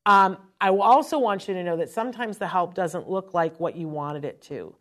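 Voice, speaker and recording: A middle-aged woman hosting a chatty advice talk, telling stories in an animated, frank way. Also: on the low side, normal speed. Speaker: host. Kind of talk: live-stream advice talk.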